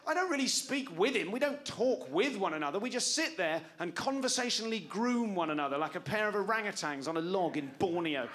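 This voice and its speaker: A man's voice: high voice, expressive, a little fast, few pauses, a bit bright. Wry man in his forties doing stand-up. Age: 40s. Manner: wry, self-mocking, talks back to the audience. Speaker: stand-up comedian. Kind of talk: stand-up comedy set. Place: comedy club stage before a live audience.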